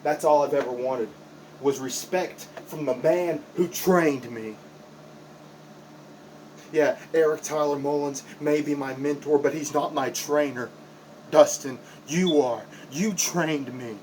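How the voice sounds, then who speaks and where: A man's voice: a little high, slow pace, a little mellow, slight background noise, poor audio. A man cutting an impassioned, confrontational wrestling promo, repeating himself for emphasis as a backyard wrestler.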